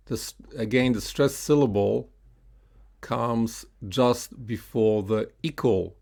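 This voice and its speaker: Slow gravelly-voiced male pronunciation teacher. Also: medium pitch, a little mellow. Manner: slow, patient, with frequent "uh" and "right?" checks; models words slowly for learners to repeat. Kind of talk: classroom pronunciation lesson.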